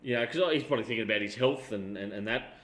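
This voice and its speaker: Bright-voiced Australian man telling stories. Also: fairly low pitch, fast talker, reverberant. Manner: rambling anecdotal storyteller, swears freely. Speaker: podcast co-host. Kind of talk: casual chat.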